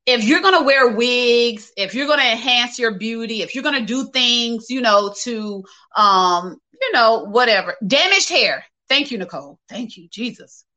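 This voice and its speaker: A woman's voice: a little high, lively intonation, moderate pace, few pauses, bright, forceful tone, low-quality recording. A woman hosting a casual livestream, reading viewer comments and talking candidly and directly to her viewers, laughing often. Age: adult, working age.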